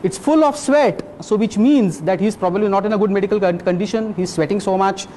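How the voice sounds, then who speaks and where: A man voicing a shrewd male detective who lays out his deductions slowly and calmly, in much his own voice. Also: high voice, slight background noise, lightly acted. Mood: explaining. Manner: slow, deliberate explaining.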